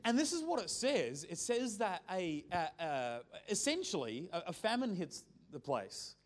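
A man's voice: sits high, measured pace. A man preaching a sermon, telling a story in a conversational, joking way. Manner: conversational, lively storytelling with jokes.

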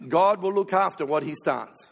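Man preaching, playful storyteller, high gravelly voice, long hall reverb. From Australia. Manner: storytelling, playful, quick asides. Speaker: pastor. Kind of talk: sermon with comic stories.

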